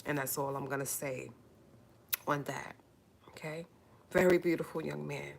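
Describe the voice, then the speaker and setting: Woman, low voice, casual livestream host, earnest, emotional, repetitive, pleading. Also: steady tone, a little fast, vocal fry, a little mellow. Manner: emotional, fighting back tears, repeats herself. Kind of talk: casual livestream talk to viewers.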